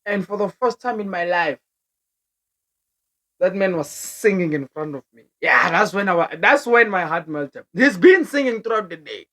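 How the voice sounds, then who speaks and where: A young woman vlogger with a South African accent tells a story in a casual, animated way at a normal speed. Her voice is mid-range, she laughs often, and she switches languages mid-sentence.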